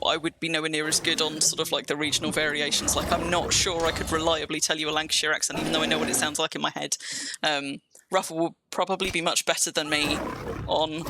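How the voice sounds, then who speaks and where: A woman's voice: low-pitched, noisy background. A woman from England with a near-standard accent and a slight Kentish twang, chatting casually through a live-streamed game in a rambling, self-mocking way. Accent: near-standard English with slight Kentish twang. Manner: chatty, rambling, quick to laugh at herself.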